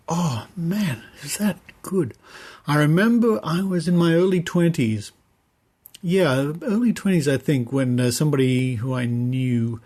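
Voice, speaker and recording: A man's voice: mid-range voice, darkish tone. Australian male host, loose rambling chat style. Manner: rambling, chatty, with fillers. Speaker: podcast host. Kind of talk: casual podcast chat.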